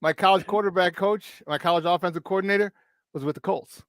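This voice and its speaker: High-voiced man on sports radio. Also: no room sound. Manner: animated storyteller, asks rapid questions. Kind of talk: casual sports talk.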